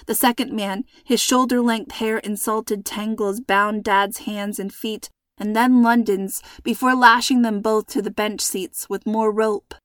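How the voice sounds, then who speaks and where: A woman's voice: medium pitch, steady tone, no room sound, clean studio sound. Woman narrating a suspenseful storybook. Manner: measured, suspenseful reading.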